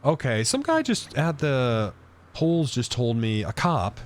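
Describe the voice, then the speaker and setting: A man streaming a roleplay game in character, ranting excitably and swearing a lot. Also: mid-range voice, slow pace. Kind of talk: casual in-character roleplay chat.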